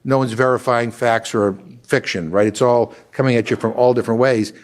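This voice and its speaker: A man's voice: mid-range voice, fairly quick. Older man talking in rambling, restarting speech. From Massachusetts. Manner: rambling, many restarts and fillers, animated storytelling. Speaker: congressman. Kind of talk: casual conversational talk.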